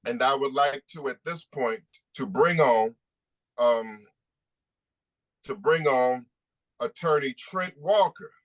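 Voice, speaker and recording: A man in the middle of the usual pitch range runs a press conference as an attorney. He speaks emphatically, pressing the same rhetorical questions again and again before he introduces the other speakers. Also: slow, pauses often.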